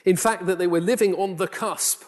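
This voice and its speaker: A man's voice: high voice, steady tone, moderate pace. A man from Newcastle with a toned-down Geordie accent, preaching a conversational sermon full of rhetorical questions and self-deprecating asides. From Newcastle, England. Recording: long reverb of a church hall.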